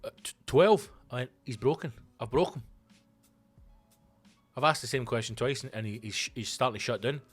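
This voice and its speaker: Scottish male comic host, thirties, mid-pitched, profane anecdotes, light music bed. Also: a little fast, long pauses, breathy edge. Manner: swearing, animated storytelling with voiced asides. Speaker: comedian podcast host. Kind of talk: casual comic monologue.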